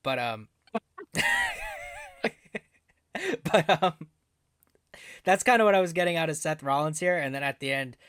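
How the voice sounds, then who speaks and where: A man co-hosting a wrestling podcast in casual chat, animated and laughing often. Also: a little high, measured pace, pauses often, clear, resonant tone, dry recording, clean studio sound. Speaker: podcast co-host.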